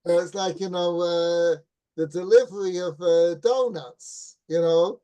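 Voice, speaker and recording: A middle-aged rabbi giving a Torah class. He tells a story in a relaxed, anecdotal way and keeps checking in with listeners by asking "right?" and "you follow?". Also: high-pitched, a little slow, clear, resonant tone. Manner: relaxed anecdotal teaching with restarts.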